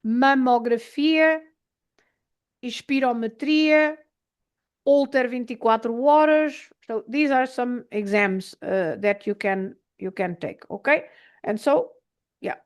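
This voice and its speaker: Woman teacher, slightly high voice, unhurried, patient, spells words out, hesitant fillers. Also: clean tone. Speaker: Portuguese language teacher. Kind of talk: online language lesson.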